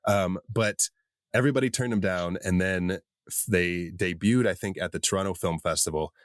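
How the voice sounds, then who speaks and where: A man co-hosting a podcast, chatting casually about a horror movie, relaxed and rambling. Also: low-pitched, moderate pace, no echo, clean studio sound. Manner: relaxed, rambling, with fillers and laughs. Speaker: podcast co-host.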